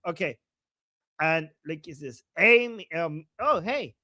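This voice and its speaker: A man hosting a casual livestream, reading viewer chat and reacting heatedly to clips, swearing freely and swinging from soft asides to loud outbursts. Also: fairly high pitch, lively intonation, slow pace, no room sound, studio quality. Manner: reads viewer chat aloud.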